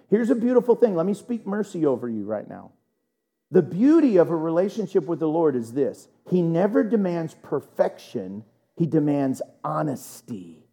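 A man preaching a sermon in church, animated and joking, asking the room rhetorical questions. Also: sits high. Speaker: pastor.

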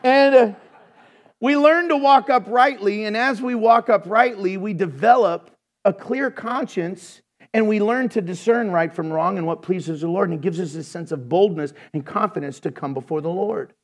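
A man preaching a sermon as pastor, animated, telling folksy jokes between points. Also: high-pitched, normal speed.

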